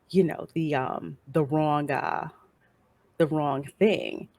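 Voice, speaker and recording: A woman's voice: low-pitched, steady tone, slow, gravelly, darkish tone, no room sound. A woman hosting a casual show, chatting animatedly about a TV episode and acting out how the audience reacts. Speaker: host reviewing a TV episode. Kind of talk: casual chat.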